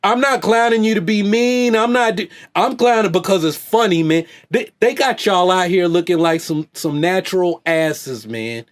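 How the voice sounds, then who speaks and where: A man with a notably high-pitched voice talks straight to his viewers in a loose, slangy rant. He keeps circling back with "hey, man" and "right?", in the style of a coach talking to his athletes. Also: normal speed, hardly any pauses. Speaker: vlogger and fitness coach. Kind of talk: off-the-cuff commentary rant.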